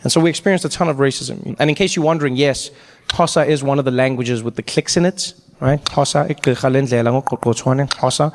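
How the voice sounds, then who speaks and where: On stage before a live audience, a South African stand-up comedian in his thirties tells animated stories, acting out characters with big jumps in his voice. His voice sits at medium pitch and moves quickly.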